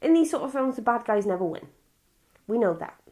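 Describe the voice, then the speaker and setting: A woman's voice: on the high side, very animated, brisk, warm tone. Rambling Welsh woman reviewing a film. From Wales. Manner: rambling, chatty and blunt, with frequent restarts and swearing. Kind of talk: casual spoken film review.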